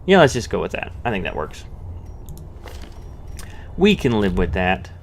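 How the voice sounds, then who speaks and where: A man's voice: fairly low pitch, very animated, measured pace, a little hiss or hum. A man giving casual let's-play commentary, thinking aloud with many restarts and fillers. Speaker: gameplay commentator.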